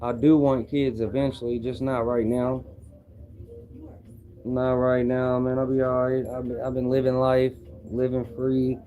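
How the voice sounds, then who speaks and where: A man's voice: medium pitch, completely flat delivery, measured pace, dark tone. A young man from Louisville with a Kentucky accent, talking brashly and profanely on a livestream as he answers viewers' comments. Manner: brash, profane trash talk. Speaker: streamer.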